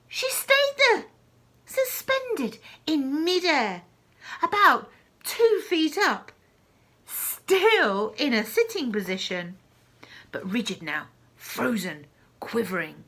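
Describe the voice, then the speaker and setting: A woman reading a children's story aloud, with slow, expressive delivery and hushed asides. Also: a little high, slightly rough.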